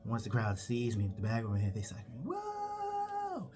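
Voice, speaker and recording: A man telling a comic story, animated and acting out every character. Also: lowish voice, very fast. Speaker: comedian.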